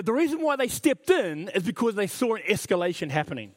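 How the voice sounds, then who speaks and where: A man's voice: sits high, sing-song, quick pace, hardly any pauses. A middle-aged man preaching a sermon as pastor, earnest and emphatic, repeating his key phrases. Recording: reverberant hall.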